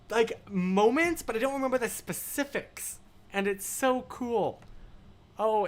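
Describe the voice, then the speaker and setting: A man hosting a livestream, chatting casually and reading viewer comments, rambling and animated, swinging between loud and hushed. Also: on the high side. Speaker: livestream host.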